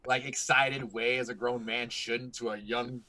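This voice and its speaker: A middle-aged man chatting casually, telling a story with lots of swearing and acting out his own excited reactions. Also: mid-range voice, measured pace. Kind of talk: casual chat.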